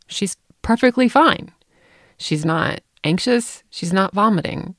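A woman's voice: mid-range voice, slow pace, dry recording, clean studio sound. A middle-aged woman, a podcast co-host, telling a family story in casual chat and acting out the voices she quotes. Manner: animated, acts out quoted voices.

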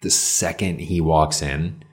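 An easygoing man with a very deep voice chats and reflects in a casual conversation. He tells his stories in a thoughtful way. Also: fairly even intonation, slow.

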